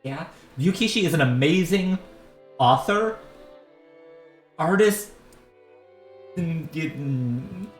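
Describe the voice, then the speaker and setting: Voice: medium pitch, expressive, takes it slowly, long pauses, echoey room, soft background music. A voice actor chatting on a game stream, joking and reading out comments from chat. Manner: reads out chat comments, jokey. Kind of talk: casual chat.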